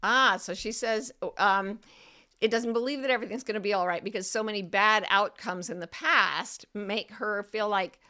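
A woman hosting a show, answering listener questions in an advice talk and slowing and softening her voice for serious points. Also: smooth. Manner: gentle, deliberately slows and lowers her voice for serious points. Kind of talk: warm advice talk to an audience.

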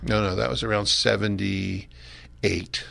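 An older man from Philadelphia, a pastor telling his life story in a relaxed, chuckling, rambling way during a radio interview. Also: fairly low pitch, slow, vocal fry, no room sound.

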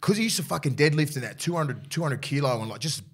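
Australian bloke, podcast co-host, lively yarn-spinner who swears a lot and does the voices in his stories. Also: fairly high pitch, fast, husky. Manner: animated storyteller, swears freely, acts out quotes. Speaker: co-host, former rugby league player. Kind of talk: casual podcast chat.

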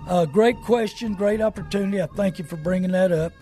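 A man's voice: sits high, brisk, dark tone, faint music behind. An older man hosting a call-in car radio show in a folksy, rambling salesman's way. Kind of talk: casual call-in radio talk with plugs.

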